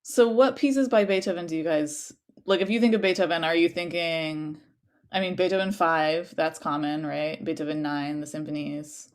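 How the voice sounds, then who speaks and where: Her voice is low-pitched, with fairly even intonation and a moderate pace. This young woman leads a music interpretation class in a casual, filler-heavy way, breaking off from explanations to sing rhythms on nonsense syllables.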